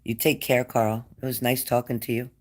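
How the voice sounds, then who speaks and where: A man giving a spirit-medium reading to a client, gentle and coaxing, repeating his phrases. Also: medium pitch, level tone, normal speed. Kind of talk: reassuring psychic reading to a client.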